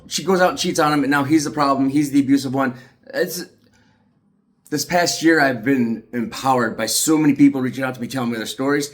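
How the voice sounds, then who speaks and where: A man's voice: fairly high pitch, fairly bright tone. A middle-aged man giving an agitated, profane monologue to the camera as an aggrieved father. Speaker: aggrieved father telling his story.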